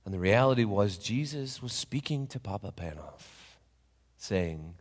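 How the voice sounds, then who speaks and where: Speaking a little slowly and in a lowish register, a man delivers his sermon like a dramatic tale, full of animated questions and quiet asides, while the church's long reverb trails behind him.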